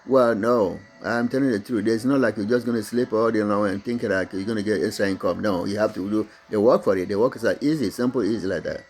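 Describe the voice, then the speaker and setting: This middle-aged man from Togo, a Mina speaker and business owner, delivers a halting motivational talk in English about his own company. His Togolese-accented voice is lowish and darkish in tone, and his talk is riddled with fillers and restarts.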